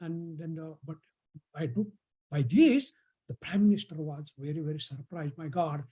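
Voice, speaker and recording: A storyteller relating an old folk tale to a camp of young listeners. The telling is halting, full of pauses and restarts, at a middling pitch. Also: expressive, dark tone, slightly rough. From India.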